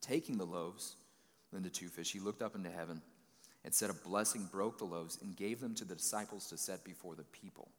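Casting: male preacher with a lowish voice, folksy and conversational, big hall reverb. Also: a little fast. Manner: conversational, folksy paraphrasing of scripture. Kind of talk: sermon.

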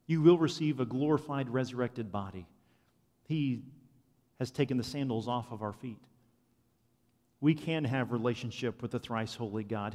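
A man preaching a sermon, swinging from loud proclamation to quiet, confiding asides. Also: mid-range voice. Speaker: pastor. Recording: long hall reverb.

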